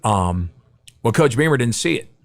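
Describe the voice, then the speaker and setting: A man's voice: mid-range voice, animated, normal speed. A middle-aged man, a guest broadcaster, telling anecdotes in a podcast interview and acting out the quotes.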